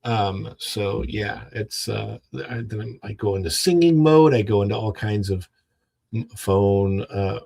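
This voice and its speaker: A man's voice: lowish voice, measured pace, gravelly, mellow. A man hosting a casual home livestream who rambles and greets chat viewers one by one. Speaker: livestream host.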